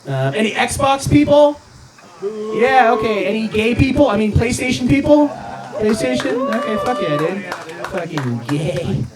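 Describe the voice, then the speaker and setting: A stand-up comic with a fairly high, lively voice, tossing out crude lines and giggling at them himself. The live recording puts him some way from the mic. An audience laughs and reacts around him. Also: male voice, normal speed, roomy sound. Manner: crude, self-interrupting, laughing at own jokes. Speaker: stand-up comedian. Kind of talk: stand-up set. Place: outdoor backyard show. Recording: live crowd recording from far off.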